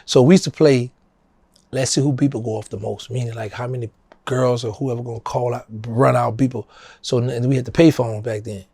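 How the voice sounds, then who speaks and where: A middle-aged man with a New Orleans accent, telling a story as an interview guest and acting out quotes in a higher voice. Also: fairly even intonation, brisk, creaky, mellow, breathy edge, no echo. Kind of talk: casual storytelling.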